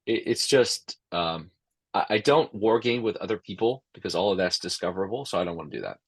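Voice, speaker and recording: A man's voice: sits low, lively intonation, brisk, breathy edge, dry recording. A middle-aged man answering interview questions as an expert witness, emphatic and prone to repeating words as he starts sentences. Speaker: expert witness and law professor.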